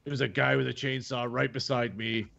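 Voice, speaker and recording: A man's voice: mid-range voice, steady tone, moderate pace, creaky, a bit bright, dry recording, muffled recording. A man chatting sardonically with friends while playing an online game. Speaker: player. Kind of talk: casual gaming chat.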